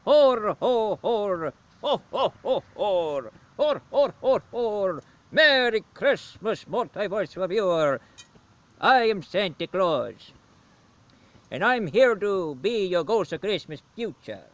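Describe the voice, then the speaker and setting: A man voicing a jolly, booming Santa Claus with a mock Swedish accent and a hearty ho-ho laugh in a comedy sketch. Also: lively intonation, measured pace, pauses often, fairly bright tone, highs cut off. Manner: hearty, rambling, jokey.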